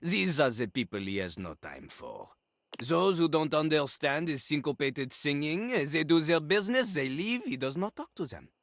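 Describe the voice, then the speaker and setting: A man's voice: fairly high pitch, sing-song, moderate pace, fairly bright tone, no room sound, studio quality. A man voicing a cocky male toilet rapper in a video game, with a French accent and boastful, sing-song rap delivery. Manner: boastful, sing-song rapping and hype talk. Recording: game audio with music behind.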